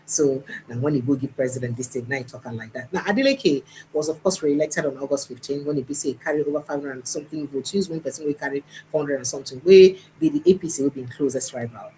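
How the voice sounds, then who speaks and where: A woman's voice: very deep voice, quick pace, mellow, a little hiss or hum, low-quality recording. Nigerian woman reviewing the day's headlines. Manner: reads headlines then comments, switching into Pidgin. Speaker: news commentator. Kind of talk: livestream newspaper review.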